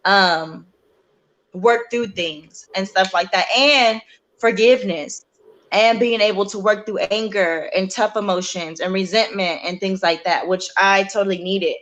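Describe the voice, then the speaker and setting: A woman's voice: medium pitch, fairly bright tone. Earnest woman telling a personal story. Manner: earnest, halting, with many fillers and restarts. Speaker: guest sharing her story.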